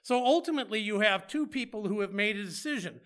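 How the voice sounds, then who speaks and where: A man's voice: high-pitched, expressive, quick pace, a bit bright. A man preaching a conversational sermon, asking rhetorical questions and slipping in playful asides.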